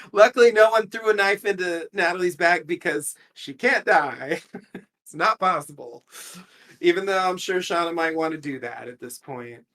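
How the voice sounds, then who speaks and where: A man's voice: sits high, normal speed, sharp tone. A man casually recapping a TV episode on a podcast, chatty and rambling, laughing often.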